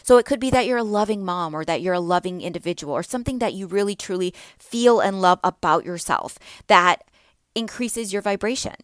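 A woman's voice: mid-range voice, brisk, no echo, clean studio sound. A woman in her thirties hosting a wellness podcast for mothers, talking earnestly and encouragingly, repeating phrases for emphasis. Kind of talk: motivational talk.

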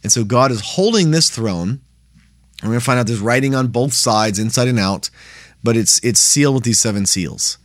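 A man's voice: mid-range voice, lively intonation, moderate pace, no room sound, studio quality. A man teaching a Bible study in a plain, conversational way, often checking in with "right?".

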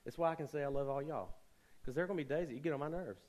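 A man's voice: a little high, rapid-fire, a little mellow, low-quality recording. Conversational young male preacher. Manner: conversational preaching, rising emphasis, joking asides. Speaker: pastor. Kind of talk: sermon.

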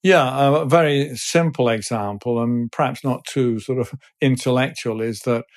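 Older man, mid-pitched, hesitant and thoughtful, interview guest. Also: a little slow. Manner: thoughtful, hesitant, many fillers. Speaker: guest, business person.

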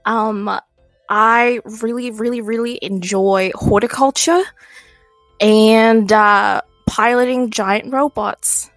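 A woman's voice: fairly high pitch, steady tone, takes it slowly, dry recording, soft background music. A woman doing a cheerful wallaby pilot with an Australian accent. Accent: put-on Australian. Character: cheerful female wallaby robot pilot and gardener.

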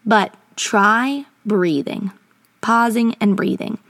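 A woman hosts her podcast in an earnest, encouraging tone. She is recorded from a small closet at home, so her voice sounds dry and close, with no room echo. Her pitch sits at an ordinary middle. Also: slow, fairly bright tone. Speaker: educator and podcast host. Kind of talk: casual advice podcast.

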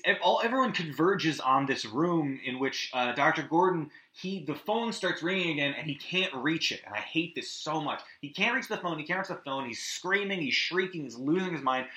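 Brief: male podcast host, lively pitch, bright tone, echoey room, casual recap. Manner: animated, swearing, acts out scenes with yelps and hummed music.

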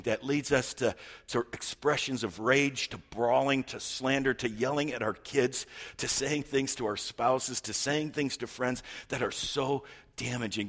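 Husky-voiced preacher in a big echoing hall. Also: male voice, medium pitch, fairly bright tone. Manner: earnest, conversational, frequent stammering restarts. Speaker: pastor. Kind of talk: sermon.

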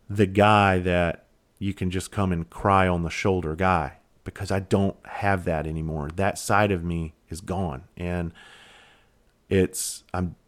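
Deep voiced guy on his podcast, blunt, swears a lot, kinda halting and reflective. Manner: blunt, candid, swears freely. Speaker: podcast host. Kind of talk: casual solo podcast monologue.

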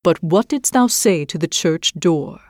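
Woman reader doing a quiet, formal young prince, slightly lowered voice, dry recording. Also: animated, measured pace, no echo. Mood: questioning. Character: stern young prince testing his bride.

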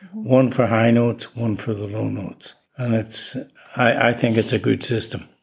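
A man's voice: mid-range voice, steady tone, a little slow, gravelly, breathy edge. An older man, a flute player interviewed as a guest, telling stories in an easygoing way with chuckles. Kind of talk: relaxed anecdotal chat.

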